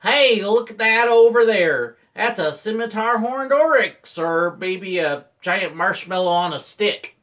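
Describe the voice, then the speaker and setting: A goofy safari truck driver , as a man puts him on, drawls in a broad, exaggerated fake Texan accent. He runs his joking tour spiel slow and loud, and his voice swoops high on the punchlines. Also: lively intonation, far from the mic.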